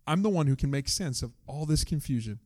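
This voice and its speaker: A man playing a gentle, kindly Jesus with a soft, lowered, quiet voice. His manner is patient and affirming, never harsh. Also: lively intonation, fairly quick. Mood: earnest.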